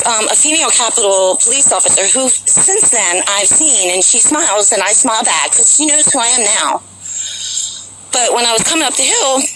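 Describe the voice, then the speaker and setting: A woman's voice: mid-range voice, background noise. A woman vlogger telling a long personal story to her viewers in a rambling, chatty way, full of fillers, outdoors near a capitol building. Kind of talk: casual storytelling to camera.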